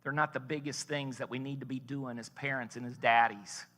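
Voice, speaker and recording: Man, pastor, storytelling sermon, bright tone, long church reverb. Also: mid-range voice, steady tone, brisk. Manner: storytelling preacher, asks the congregation questions. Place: large church sanctuary.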